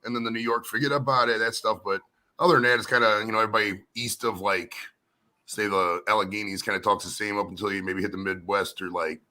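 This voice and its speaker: An American man chatting casually and swearing now and then over a video call. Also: on the low side. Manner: animated, swearing, does quick accent impressions. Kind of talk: casual chat.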